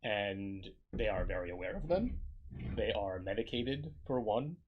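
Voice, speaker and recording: A man's voice: on the low side, unhurried, phone-quality sound, slight background noise. Rambling, swearing man in casual podcast chat. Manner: rambling, profane, animated storytelling. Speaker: podcast co-host.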